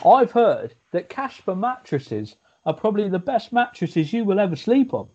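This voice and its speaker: A man's voice: high voice, sing-song, moderate pace, a little mellow, husky, dull audio. A man, telling rambling jokey stories in a casual podcast chat. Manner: joking, rambling storyteller.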